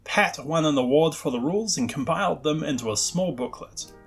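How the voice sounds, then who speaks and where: A man's voice: fairly high pitch, lively intonation, brisk, husky, soft background music. A man hosting a scripted narration about the history of a tabletop game spell, with wry, self-deprecating asides. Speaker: host.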